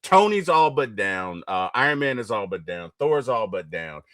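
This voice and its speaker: Animated man hosting a casual interview. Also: fairly low pitch, moderate pace, dry recording. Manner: animated, gets loud and excited retelling film scenes. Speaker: interview host.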